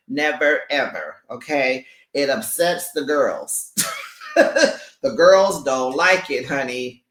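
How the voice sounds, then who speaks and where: A reality show recap host in casual chat, sassy and animated, who laughs often and calls listeners honey and baby. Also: mid-range voice, slow, echoey room.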